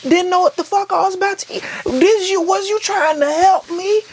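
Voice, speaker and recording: A man voicing a bitter young man, the unclaimed son, in a shrill, furious, accusing tirade. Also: moderate pace.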